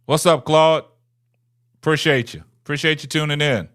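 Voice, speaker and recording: A man's voice: fairly high pitch, fairly even intonation, moderate pace, a bit bright. Taunting man hosting a casual livestream. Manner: taunting, repeats lines, ends phrases with "man". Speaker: livestream host. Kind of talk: casual livestream chat with viewers.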